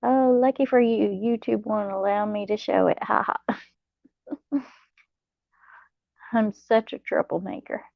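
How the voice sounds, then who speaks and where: A young adult woman, hosting a late-night live chat, talking softly and laughing often. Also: mid-range voice, steady tone, creaky, dry recording, dull audio. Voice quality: soft, slow, laughs often. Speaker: channel host reading live chat.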